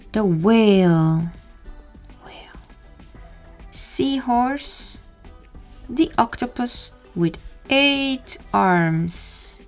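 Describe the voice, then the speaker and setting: A woman slowly naming animals for a baby in a playful sing-song way, imitating animal sounds and sometimes dropping to a soft whisper. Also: mid-range voice. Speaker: children's video presenter.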